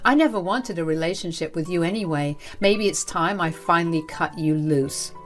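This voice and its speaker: A woman's voice: fairly low pitch, moderate pace, soft background music, natural voice. A woman voicing a cruel older woman who runs a school, speaking with cold contempt. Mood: contemptuous.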